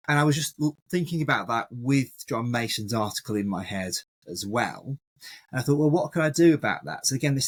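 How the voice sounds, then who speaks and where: A man's voice: fairly low pitch, husky. A man, a maths educator, talking animatedly in a casual podcast discussion. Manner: animated, acts out classroom examples.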